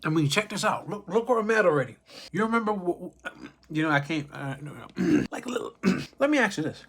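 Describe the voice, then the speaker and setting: Man vlogging, slightly high voice, rambling, swears, acts out scenes. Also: very animated, a little fast, gravelly, fairly bright tone. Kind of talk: casual talk to camera.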